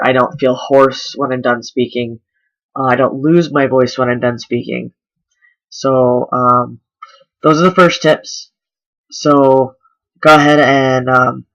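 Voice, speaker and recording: A man's voice: medium pitch, a bit bright, low-quality recording. A man vlogging a casual voice tutorial, explaining step by step with lots of ums. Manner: chatty, filler-heavy explaining. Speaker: voice coach vlogger.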